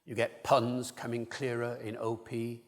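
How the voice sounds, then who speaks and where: An older male linguist lectures to an audience in a hall, his middle-pitched voice carrying a long reverb. He is discursive and enthusiastic, often breaking off for asides. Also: monotone, unhurried. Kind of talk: public lecture.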